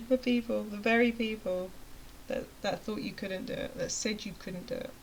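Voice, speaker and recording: A woman's voice: mid-range voice, steady tone, a little slow, a little hiss or hum, poor audio. Chatty woman ranting to camera. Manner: chatty, emphatic, drops to near-whispers. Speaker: vlogger and web design coach. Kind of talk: motivational rant to camera.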